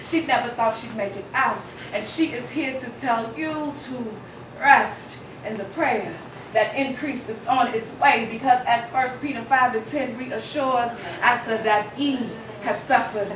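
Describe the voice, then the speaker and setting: Woman slam poet with a fairly high voice and a deliberate, preacherly delivery; distant in a noisy, roomy hall. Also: a crowd in the background. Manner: slow, emphatic preaching cadence. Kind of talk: spoken word poetry performance. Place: event hall. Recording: echoey hall recorded from afar.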